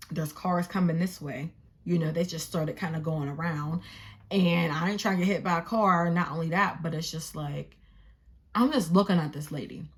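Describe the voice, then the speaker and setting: Exasperated young woman telling a story. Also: on the low side. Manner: animated, profane, exasperated storytelling. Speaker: vlogger. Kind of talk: casual storytime.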